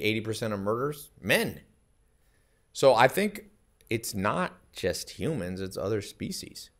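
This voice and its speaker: A man's voice: on the low side, creaky. A man talking as a podcast guest in casual conversation, emphatic and anecdotal, often laughing in the middle of his sentences. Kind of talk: casual chat.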